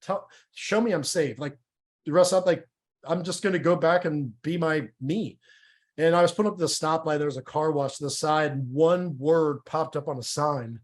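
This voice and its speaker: A man's voice: fairly high pitch, normal speed. A middle-aged man sharing his personal testimony in a conversational church interview, candid and emotional, often stumbling and repeating words.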